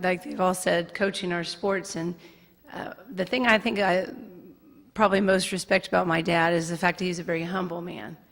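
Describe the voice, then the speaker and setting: Gravelly flat-voiced woman at a ceremony. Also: on the low side. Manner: sincere, measured, grateful. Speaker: daughter giving a family tribute. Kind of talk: speech at an induction ceremony. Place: ceremony hall. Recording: long reverb of a hall.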